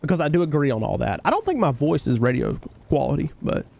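A young man with a Southern country twang streams a game live, reading viewer comments aloud and answering them in a loose, slangy way. His voice sits a bit high, and his pitch swings widely as he talks. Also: very animated, quick pace, gravelly, darkish tone. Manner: laid-back, slangy, reads chat aloud and answers.

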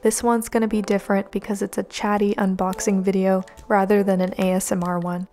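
A manga vlogger narrates her own video in a warm, mid-range voice, level in tone and brisk in pace, gushing enthusiastically to viewers. She's on a home voice-over mic with lo-fi music playing behind her.

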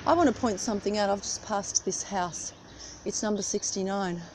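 A woman's voice: mid-range voice, normal speed, rough recording. A middle-aged woman chatting casually while she walks outdoors in the cold, rambling from one thought to the next as she films on her phone. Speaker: vlogger. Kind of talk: casual chat. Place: outdoors on a street at early morning. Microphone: phone camera held while walking. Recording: street traffic noise behind.

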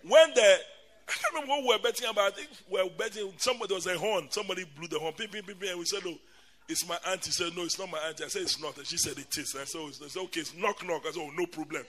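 A man, a bishop preaching a lively storytelling sermon at a church camp, who laughs often and talks straight to his audience. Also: high-pitched, rapid-fire. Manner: animated, laughing often, addresses the audience directly.

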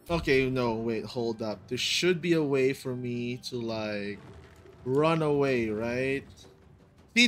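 A gaming video host giving let's-play commentary, exasperated and prone to loud outbursts and repeated exclamations. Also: mid-range voice.

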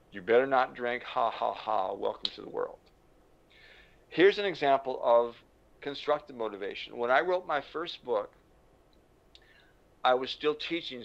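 An older man teaches with lively anecdotes and acts out the voices of people in his stories. His voice sits mid-range with a gravelly fry. The audio is dull and lo-fi. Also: mid-range voice. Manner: animated storyteller, acts out quotes. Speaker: motivational speaker. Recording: dull lo-fi recording.

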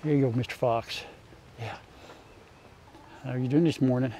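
A man's voice: medium pitch, moderate pace, long pauses, noisy background. An older man, chatting casually in a farm vlog and talking to his animals in a folksy way. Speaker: farmer and vlogger. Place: outdoors on a farm.

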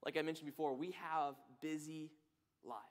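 A man's voice: fairly high pitch, fairly even intonation, normal speed. A man preaching a sermon, reading scripture and telling stories earnestly.

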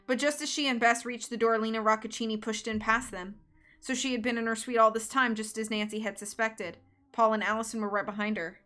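A woman reading a mystery novel aloud on a live stream, with steady storytelling. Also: mid-range voice, fairly quick, faint music behind. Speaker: book reader. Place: home streaming setup.

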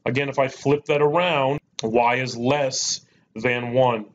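A man's voice: medium pitch, fairly even intonation, measured pace. A man teaching a math lesson in a chatty, joking way, repeating key points. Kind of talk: recorded lesson. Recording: dull lo-fi recording with faint noise.

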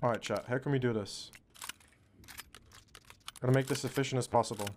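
A man streaming a shooter game, chatting casually to his viewers, excitable and swearing often, calling everyone bro. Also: mid-range voice, a little fast, a little hiss or hum. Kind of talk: casual live-stream commentary.

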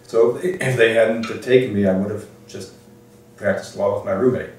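Speaking in an oral history interview, an older law librarian from Detroit reflectively shares stories from his working life, often restarting and saying "um." His lowish voice is steady and a little mellow at a normal speed. Faint noise, a distant mic and an echoey room color the recording.

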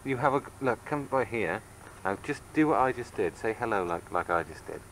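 Lowish and brisk, this man's voice teases and coaxes his toddler with animation as he films on a camcorder at home. The recording is low quality, with a little hiss or hum from the camcorder mic.

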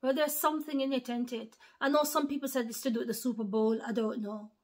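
A woman with a slightly high voice, preaching in an earnest, informal way to followers online. She repeats key phrases and calls her listeners brothers and sisters. Her delivery drops to near whispers, then rises to forceful lines. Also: steady tone, fast talker.

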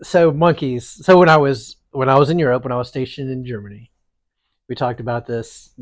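Male co-host, casual chatty storyteller, average pitch, dry booth sound. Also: fairly quick, no room sound. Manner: animated, rambling, restarts often. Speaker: podcast co-host.

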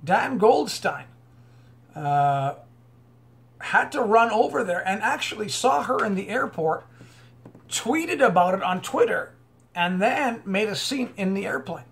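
A man with a high, light voice reads news aloud and comments on it off the cuff. He rambles, stops to restart his sentences, and slides into a preachy tone. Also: lively intonation, a little slow, gravelly, a bit bright. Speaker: online commentator.

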